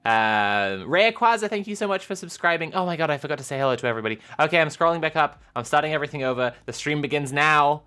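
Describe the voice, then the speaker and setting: A woman streamer chatting casually with her viewers, animated and giggly, rambling with lots of filler sounds. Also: low-pitched, rapid-fire, hardly any pauses. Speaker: live streamer.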